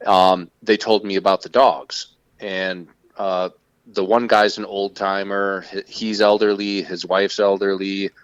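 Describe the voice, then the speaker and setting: A man with a low voice tells a story in an animated, casual way and swears freely. The recording is dry, with no room sound, and its sound is dull and lo-fi. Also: measured pace, clear, resonant tone, no room sound. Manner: profane, animated retelling. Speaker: podcast co-host.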